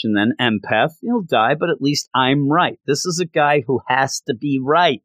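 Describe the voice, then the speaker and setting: A man giving a casual recap of a story, animated and often restarting his sentences. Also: mid-range voice, moderate pace, no room sound. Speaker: comic book commentator.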